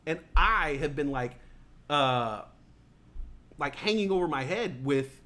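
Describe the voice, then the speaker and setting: Talk show host, male, thirties, high-ish pitch, loose profane storyteller who slips into voices. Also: animated, slow, long pauses, sharp tone, a little hiss or hum. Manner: profane, rambling, acts out party voices. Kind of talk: casual comedic storytelling.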